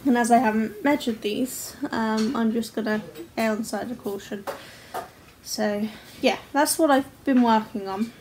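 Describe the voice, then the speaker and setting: A woman's voice: on the high side, measured pace, a little mellow, slight background noise. A woman in her forties, chatting casually to camera at home about her crochet, laughing often and swearing freely. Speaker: crochet vlogger. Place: at home, indoors.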